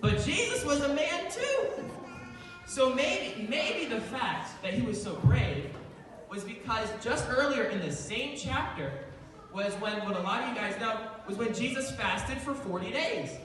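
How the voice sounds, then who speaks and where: A man's voice: very high voice, a little slow, over music. A young man giving a playful, laughter-filled youth devotion to children. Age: young adult. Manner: animated, playful, laughing often. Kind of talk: comic youth sermon. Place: indoor hall with children. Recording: echoey hall from far off. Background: children's audience and room noise.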